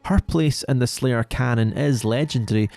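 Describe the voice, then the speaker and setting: A man narrating a lore video in a measured, explanatory way. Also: medium pitch, gravelly, a little mellow. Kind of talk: scripted narration.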